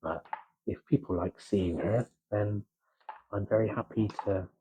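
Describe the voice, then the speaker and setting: A man with a Gloucestershire accent chatting softly in a slow, halting ASMR style, with many pauses and drifts into whispering, close to the microphone. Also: fairly low pitch, steady tone, a little hiss or hum, poor audio. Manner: soft-spoken, slipping into whispers. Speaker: ASMR creator. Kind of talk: soft-spoken ASMR chat.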